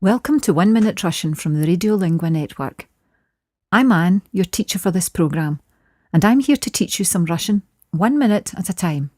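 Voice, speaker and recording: A woman teaching a short scripted language lesson, saying phrases slowly and clearly for learners to repeat. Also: fairly low pitch, warm tone, dry recording, studio quality. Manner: clear, slow modelling of phrases.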